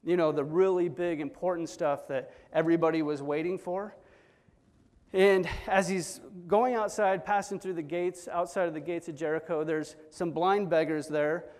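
A man's voice: on the high side, steady tone, normal speed, darkish tone, big-room sound. A man preaching a sermon in an earnest, storytelling manner, acting out quoted voices as he goes.

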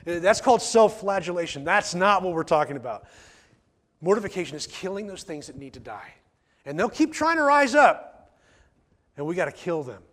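Man, pastor, sermon in church, high voice, emphatic, repeats himself, rhetorical questions. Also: big pitch swings, moderate pace, a bit bright.

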